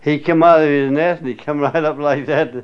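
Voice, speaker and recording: A man's voice: on the high side, steady tone, brisk, smooth. An older man being interviewed, telling rambling stories in a folksy, salty way with chuckles. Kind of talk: rambling oral-history storytelling. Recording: muffled lo-fi recording.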